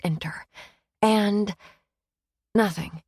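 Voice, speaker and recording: Wry, expressive woman narrating. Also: fairly low pitch, takes it slowly, no room sound, clean studio sound. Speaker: audiobook narrator. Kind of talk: first-person audiobook narration.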